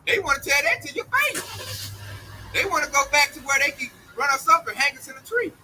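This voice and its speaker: A male preacher giving an informal street-style sermon. He speaks bluntly in heavy slang, mocks those he talks about and often acts out their voices. His voice is very high-pitched for a man, with a piercing, bright edge. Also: animated, fairly quick, slight background noise, rough recording.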